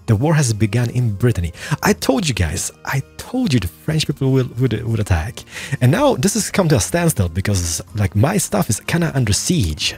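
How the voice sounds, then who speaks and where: Gameplay commentator: young man, very animated delivery, faint music underneath. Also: medium pitch, normal speed, husky. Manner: animated, excitable, muttering to himself. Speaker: gaming YouTuber.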